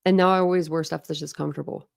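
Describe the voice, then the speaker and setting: Gravelly-voiced young woman chatting rambly. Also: sits low, fairly even intonation, racing, a little mellow. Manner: rambling, chatty, many "like"s and restarts. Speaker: true crime channel host. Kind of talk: casual livestream chat with viewers.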